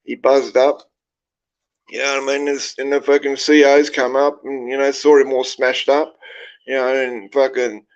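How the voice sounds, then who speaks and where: An Australian man hosting a livestream, spinning crude tales full of swearing and endless "right?" check-ins. His voice sits in an ordinary middle pitch, and the audio comes through dull and lo-fi. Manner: heavy swearing, rambling, keeps checking in with "right?". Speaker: livestream host. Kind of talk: casual storytelling to a live chat.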